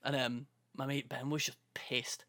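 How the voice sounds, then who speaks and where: A man's voice: mid-range voice, level tone, a little slow, bright, forceful tone. A young man co-hosting a podcast, telling a story in casual chat, acting out quotes and laughing often. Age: young adult. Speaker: podcast co-host.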